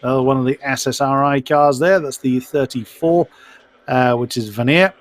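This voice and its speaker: A man's voice: medium pitch, normal speed, dry recording. A man giving live commentary on a sim race. He is chatty and self-deprecating and stumbles over driver names.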